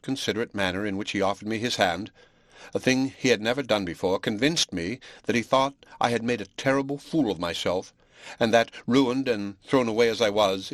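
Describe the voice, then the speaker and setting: Audiobook: male narrator, somewhat low voice, measured reading, bone-dry close recording. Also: no echo. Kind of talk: scripted narration.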